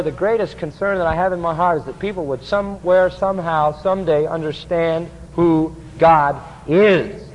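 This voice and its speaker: High-voiced emphatic preacher in a hall. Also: male voice, a little hiss or hum. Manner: emphatic, asks the congregation to fill in words. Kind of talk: sermon. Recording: dull lo-fi recording with long hall reverb.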